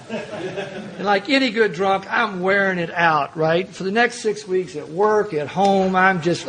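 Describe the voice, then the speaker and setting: High-pitched older man telling a meeting story. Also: a little slow, fairly bright tone, a little hiss or hum, rough recording. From Louisville, Kentucky. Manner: folksy, self-mocking storyteller with frequent restarts. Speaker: AA speaker. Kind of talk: storytelling talk at a recovery meeting.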